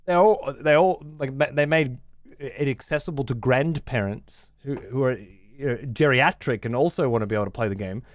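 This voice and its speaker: A man's voice: mid-range voice, no room sound, clean studio sound. A man ranting casually as a streamer, sarcastic, profane and exasperated.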